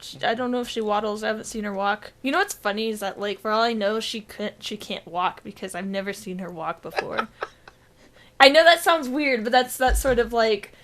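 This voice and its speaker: A woman's voice: fairly high pitch, normal speed, fairly bright tone. Giggly rambling woman podcaster. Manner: rambling, giggly, lots of fillers and restarts. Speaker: podcast co-host. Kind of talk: casual podcast chat.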